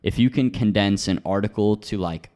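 Deep-voiced male podcast host. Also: darkish tone. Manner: halting, restarts phrases. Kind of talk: casual interview.

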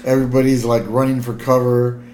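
A man's voice: mid-range voice, level tone, brisk, warm tone, roomy sound, a little hiss or hum. A man co-hosting a podcast, chatting casually about a cartoon episode and adding side questions and asides. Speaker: podcast co-host. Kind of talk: casual episode recap chat.

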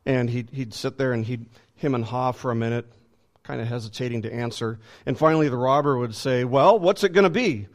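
A man's voice: mid-range voice, fairly even intonation, brisk. A man preaching a sermon with emphasis, often repeating words as he builds a point.

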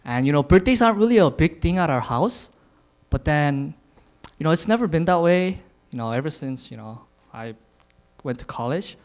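A man's voice: on the high side, animated, moderate pace. A man in his twenties giving an informal sermon, casual, with lots of filler words and frequent chuckles. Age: 20s. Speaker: youth speaker sharing a message.

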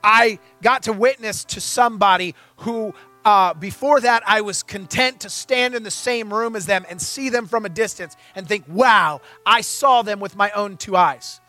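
A man's voice: sits high, normal speed, pushed and bright, soft background music. A young adult man preaching a sermon, telling a story animatedly and acting out the dialogue. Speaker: pastor.

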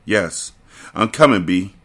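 A man's voice: low voice, expressive, slow pace, fairly bright tone, breathy edge, heavily acted. A man voicing an arrogant male drug kingpin who gives clipped, commanding orders in an audiobook reading.

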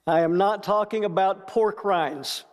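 A man preaching a sermon as pastor, deliberate and measured, with playful asides to the congregation. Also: high-pitched. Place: church sanctuary with long reverb. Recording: echoey church hall.

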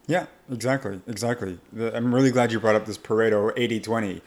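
A man speaking as a language coach in a podcast interview, animated and laughing often as he explains. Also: on the low side, fast.

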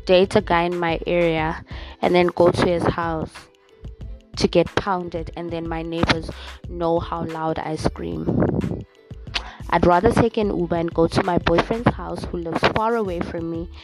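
A woman's voice: on the low side, level tone, a little slow, loud music behind the voice. A young South African woman hosting a solo podcast, ranting bluntly and sassily with lots of swearing. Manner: blunt, profane, sassy. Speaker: podcast host. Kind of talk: casual solo rant.

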